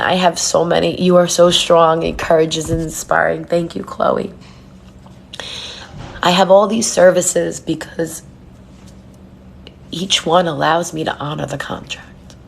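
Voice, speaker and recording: A woman with a fairly low voice and plenty of gravelly fry. She talks earnestly and from the heart to followers on a live stream, at times slowing down and going soft. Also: a little hiss or hum. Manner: earnest and heartfelt, speaks softly and slowly at times. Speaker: spiritual reader and numerologist.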